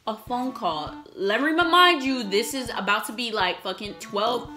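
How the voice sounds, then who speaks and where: Young woman, casual storytelling, bright tone, roomy echo, faint music behind. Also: on the high side, expressive, normal speed. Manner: chatty, swears a lot, acts out quotes. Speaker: vlogger. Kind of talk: casual storytelling while eating. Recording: echoey room with faint music.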